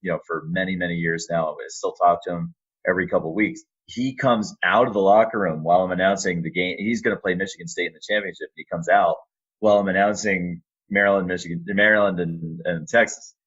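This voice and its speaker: A man in his thirties, a sports announcer and voice actor, telling animated stories in a casual podcast interview. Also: low-pitched, quick pace, breathy edge, muffled recording. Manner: animated storyteller, acts out quotes.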